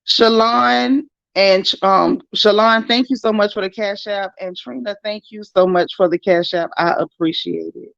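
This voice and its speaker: Gravelly-voiced woman chatting on a livestream. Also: medium pitch, unhurried, hardly any pauses, no room sound, highs cut off. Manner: chatty, animated, talks straight to viewers. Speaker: livestream host reading viewer comments. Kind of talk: casual livestream chat.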